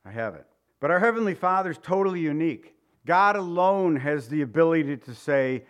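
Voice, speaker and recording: A man with a high-leaning voice preaches a sermon at a brisk pace, captured in a muffled recording. He tells stories animatedly, chuckling and acting out the voices of the people in them.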